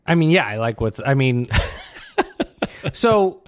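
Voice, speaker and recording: Wry, exasperated podcast co-host. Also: male voice, mid-range voice, big pitch swings, slow, no echo, clean studio sound. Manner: wry, teasing, bursts of exasperation. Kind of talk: casual sports chat.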